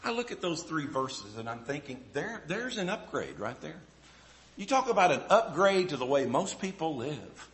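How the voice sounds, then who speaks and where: A man's voice: on the high side, big pitch swings, moderate pace, fairly bright tone. A middle-aged male pastor preaching a sermon with folksy, self-deprecating stories. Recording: echoey room.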